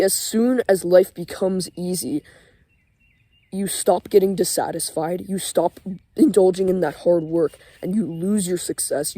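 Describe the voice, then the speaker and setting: A man's voice: high-pitched, mellow, no echo. A young man giving a casual motivational rant, emphatic and profane, with lots of "like" fillers. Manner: profane, emphatic, heavy use of 'like' fillers. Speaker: motivational vlogger. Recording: voice over clear background music.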